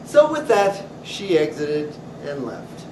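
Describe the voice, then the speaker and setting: A man who owns a deli, telling funny stories about his customers in an animated way. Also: on the high side, slow pace, far from the mic. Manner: animated storyteller acting out customers. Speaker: deli owner. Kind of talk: storytelling. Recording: roomy echo with clear noise.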